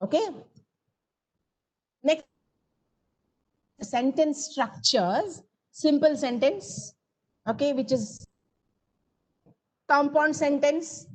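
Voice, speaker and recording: A high-pitched woman with an Indian English accent gives an online grammar lesson over a video call. She keeps asking her students questions and nudges them to answer. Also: drawn-out words, pauses often, rough recording. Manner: coaxing, asks the class questions and answers them. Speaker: teacher. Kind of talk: online coaching lecture.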